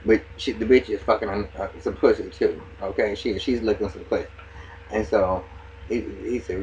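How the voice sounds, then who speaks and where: A man giving a casual, gossipy TV recap, animated and profane, talking straight to his viewers. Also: on the low side, normal speed, highs cut off, a little hiss or hum. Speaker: TV show recap vlogger.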